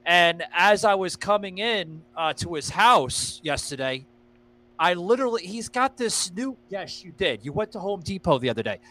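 A man's voice: high voice, big pitch swings, moderate pace, sharp tone. A man hosting a podcast, telling stories in a rambling, profane way with lots of fillers. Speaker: podcast host. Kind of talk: casual podcast chat.

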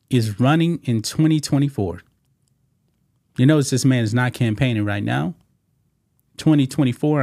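A man's voice: mid-range voice, a little mellow, no room sound. Man, channel host, reaction commentary, emphatic and repetitive, mid-range voice, dry close mic.

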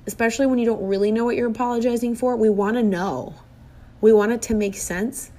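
A woman's voice: on the high side, fairly even intonation, fairly quick, warm tone. Heartfelt, earnest middle-aged woman. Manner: heartfelt and earnest, with repeated emphatic phrases. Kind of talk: personal reflective monologue.

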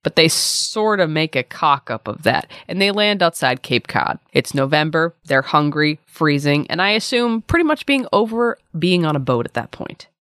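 Female co-host, low and animated, sarcastic scripted comedy narration. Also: moderate pace, hardly any pauses, clear, resonant tone, dry recording, studio quality. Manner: sarcastic, deadpan asides. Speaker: podcast co-host.

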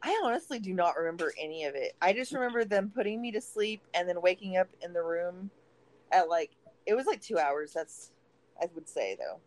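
A woman's voice: on the low side, lively intonation, a little fast, rough recording. A woman co-hosting a casual chat podcast, laughing often and swearing freely, while she recovers from a broken leg. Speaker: podcast co-host.

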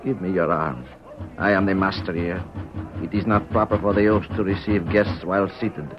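An actor playing a proud, stubborn elderly grandee, speaking in a stately, formal way in 1940s radio acting style. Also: male voice, fairly even intonation, normal speed, close to an everyday voice. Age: older. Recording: dull old radio recording, faint rumble.

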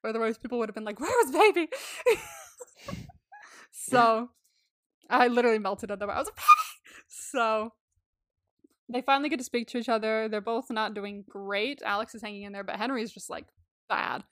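A woman's voice: a little high, steady tone, fairly quick, a bit bright, no room sound, studio quality. A young woman co-hosting a podcast, chatting casually, laughing often and swearing freely as she gushes. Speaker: podcast co-host. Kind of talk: casual chat.

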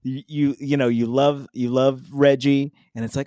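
A man's voice: mid-range voice, a little fast, few pauses, darkish tone. A man co-hosting a podcast in casual chat, reacting with laughter and exclamations and joking along. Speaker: podcast co-host.

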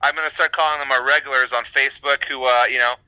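A man's voice: medium pitch, fairly even intonation, fast talker, pushed and bright, clean tone, dry recording, rough recording. A man co-hosting a podcast in casual chat, hesitant with lots of fillers and frequent laughter. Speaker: podcast co-host.

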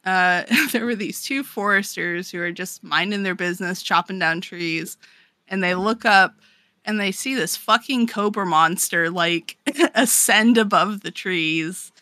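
A woman's voice: mid-range voice, measured pace, bright, forceful tone, dry recording. A woman co-hosting a podcast, recapping a story in casual chat, swearing freely and saying "like" often. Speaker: podcast co-host.

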